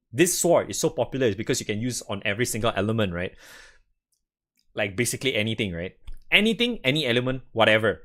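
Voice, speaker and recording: A man's voice: mid-range voice, a bit bright. Young guy on a game stream, rambly and sweary, laughs a lot, voice jumps all over the place. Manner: rambling, profane, laughs often. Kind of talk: casual gaming stream chat.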